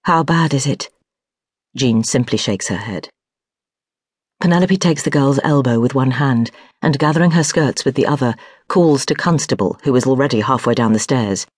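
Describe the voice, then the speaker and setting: Husky-voiced woman narrating a historical novel. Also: very deep voice, animated, moderate pace, darkish tone, no echo, clean studio sound. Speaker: audiobook narrator.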